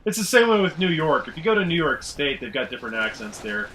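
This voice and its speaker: Canadian man, bright forceful voice, slightly high, rambling co-op game chat, headset mic. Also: very animated, fast talker, a little hiss or hum, poor audio. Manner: chatty and rambling, laughs easily. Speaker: gaming commentator. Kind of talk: casual co-op chat over gameplay.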